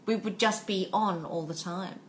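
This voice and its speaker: A woman's voice: mid-range voice, steady tone, normal speed, slight background noise. A woman co-hosting a podcast, speaking earnestly and philosophically in casual chat, repeating herself for emphasis. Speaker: podcast co-host.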